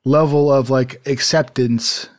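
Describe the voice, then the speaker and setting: A man's voice: mid-range voice, steady tone, takes it slowly. A man chatting casually as a podcast co-host. He rambles, with many fillers and restarts, and he laughs easily. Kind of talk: casual chat. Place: home, desert city.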